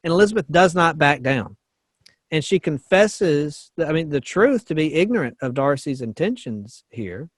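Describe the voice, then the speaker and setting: A man talks casually about a story he loves, stopping to read passages aloud and adding chuckling asides. His voice sits a little high for a man. The sound is dry and close to the mic. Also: big pitch swings, moderate pace, no echo. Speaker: pastor and podcast co-host. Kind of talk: casual book discussion.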